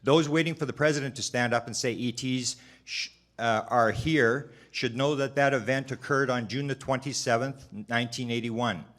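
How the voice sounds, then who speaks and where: A man's voice: medium pitch, fairly even intonation, a bit bright. Man reading formal hearing testimony. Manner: measured, formal delivery with occasional restarts.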